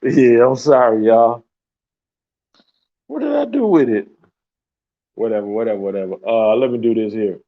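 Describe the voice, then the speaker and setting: A man's voice: mid-range voice, expressive, normal speed, long pauses, muffled recording. A man hosting a podcast, telling a story in a loose, profane way and laughing often. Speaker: podcast host.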